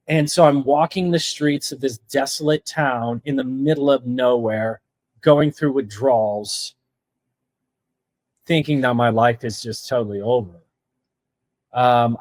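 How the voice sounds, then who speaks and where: A middle-aged man speaking in an earnest, unpolished way, with lots of "like" fillers as he tells his story. His voice sits at an ordinary pitch for a man. The recording is dry and close, with no room sound. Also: no room sound. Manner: earnest, heavy use of "like" fillers. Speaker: podcast guest. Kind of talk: recounting a personal story.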